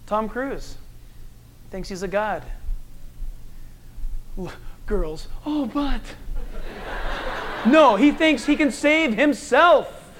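A man preaching a sermon, animated and conversational, acting out quoted people and telling stories. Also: very high-pitched, drawn-out words, long pauses, a little hiss or hum. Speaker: pastor.

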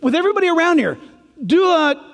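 A man voicing an excitable, demanding ancient king who begs for miracles in a fast, wheedling voice. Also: very high voice, big-room sound, pitched above the performer's own voice, full character voice. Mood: pushy pleading. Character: giddy, demanding ancient king hungry for tricks.

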